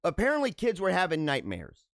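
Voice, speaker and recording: Animated high-voiced man riffing on news. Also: a little fast, gravelly, no room sound. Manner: animated, laughs and riffs between read-aloud headlines. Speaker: show host reading news stories. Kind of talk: casual commentary on news items.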